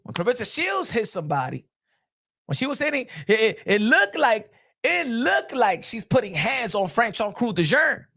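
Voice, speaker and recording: A man hosting a boxing channel, giving casual, animated commentary in slangy street talk and repeating phrases for emphasis. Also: extremely high pitch, moderate pace, creaky, no room sound, studio quality.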